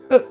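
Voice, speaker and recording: A woman hosting a casual livestream who reads viewer comments, laughing often and teasing them as honey. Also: warm tone. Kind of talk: casual chat.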